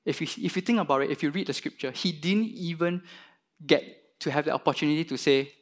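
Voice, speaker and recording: A man preaching a sermon, retelling a parable and acting out its characters with lively emphasis. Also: fairly high pitch, fast. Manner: animated, voices the parable's characters with rising emphasis. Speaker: pastor.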